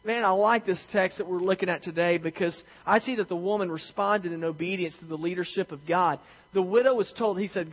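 A high-pitched man preaching to his congregation, animated and acting out the quotes as he goes. His voice rings through a long-reverb church hall on a slightly dull, lo-fi recording. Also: fast talker, slightly rough. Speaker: pastor. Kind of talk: sermon.

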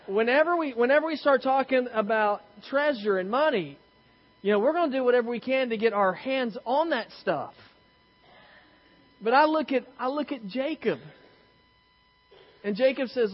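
A man's voice: extremely high pitch, expressive, normal speed, pauses often, lo-fi sound. A man preaching a sermon in a conversational, self-deprecating way, telling stories and often restarting his sentences. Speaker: pastor.

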